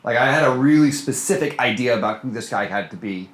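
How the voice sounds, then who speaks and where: Speaking fast at a medium pitch, a film director chats casually during an interview. His answers wander with lots of hesitation, fillers, and restarts, and the recording carries a roomy echo.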